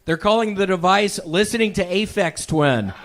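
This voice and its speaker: A man doing deadpan, absurd stand-up on a comedy club stage, then bantering on a handheld mic. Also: high voice, normal speed, noisy background. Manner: deadpan, absurd one-liners.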